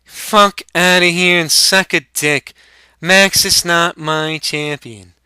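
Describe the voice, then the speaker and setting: A man's voice: a little high, fairly even intonation, takes it slowly, bright, forceful tone, smooth, dry recording, pitched above the performer's own voice, exaggerated voice. A young man voicing a cocky, profane stoner who trash-talks smugly. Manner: smug, crude trash talk.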